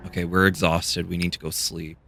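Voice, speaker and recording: A man's voice: deep voice, level tone, fairly quick, gravelly, noisy background. A man playing a story game, reading its text aloud and reacting casually as he thinks aloud. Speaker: gamer.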